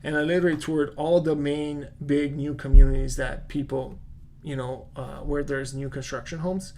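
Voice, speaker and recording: Man with a non-native accent, real estate agent, casual live-stream q&a, slightly high voice, filler-heavy, faint background hum. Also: steady tone, normal speed, vocal fry, a little mellow. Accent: non-native English accent. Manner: chatty, lots of fillers, reads viewer comments aloud.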